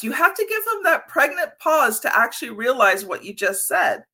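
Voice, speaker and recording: A woman hosting a podcast interview, telling personal stories in a lively, expressive way. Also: sits high, moderate pace. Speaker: podcast host. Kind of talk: conversational interview.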